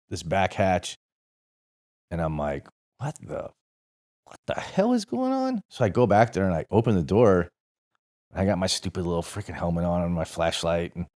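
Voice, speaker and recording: This former Marine from St. Louis, USA, is in his forties and speaks in a deep, somewhat mellow voice. As a podcast guest, he spins a meandering, foul-mouthed tale in an easygoing manner, fixing his own words as he talks.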